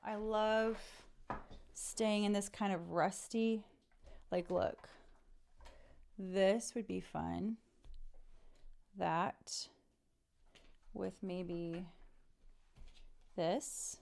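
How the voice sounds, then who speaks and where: Woman, middle-aged, craft vlogger, casual, rambling, chatty, addresses viewers, medium pitch. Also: steady tone, very slow, vocal fry, long pauses, darkish tone. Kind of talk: casual chat while crafting.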